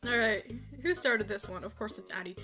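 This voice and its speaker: A woman streamer casually reading fanfiction aloud, narrating quickly and giggling between lines. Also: mid-range voice, sharp tone, faint music behind. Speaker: streamer host.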